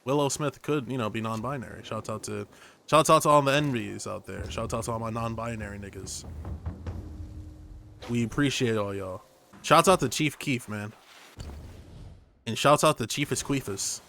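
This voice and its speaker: A young man commentating over a game stream in an easygoing, rambling way, hopping from joke to joke. His voice sits at a middle pitch with a bright, forward edge. He talks close to his streaming microphone. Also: normal speed, creaky, long pauses, slight background noise. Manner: rambling, jokey, tangent-prone. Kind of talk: casual gaming commentary.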